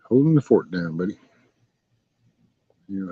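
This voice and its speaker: A man's voice: fairly low pitch, brisk, long pauses, mellow, no room sound. A man, hosting a casual live stream and answering chat in a folksy, rambling way. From Texas. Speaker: live stream host chatting with viewers. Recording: dull lo-fi stream audio.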